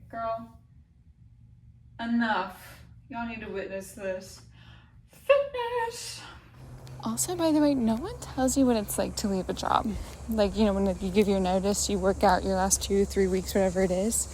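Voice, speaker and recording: A woman's voice: mid-range voice, darkish tone, distant mic. A young woman in her twenties chats to her phone camera at home, rambling and anxious, with a self-mocking edge. Her voice sits mid-range. The room is echoey, with faint noise behind her. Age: 20s. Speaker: vlogger. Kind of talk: casual vlog chat. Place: room at home, moving around while working out. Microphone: phone camera, sometimes from across the room.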